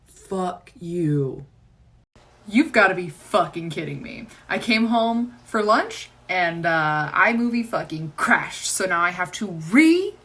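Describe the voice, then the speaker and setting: A woman's voice: mid-range voice, big pitch swings, measured pace, few pauses, sharp tone. A woman in her twenties ranting profanely in casual selfie videos, exasperated, filmed on a phone at arm's length. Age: 20s. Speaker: vlogger.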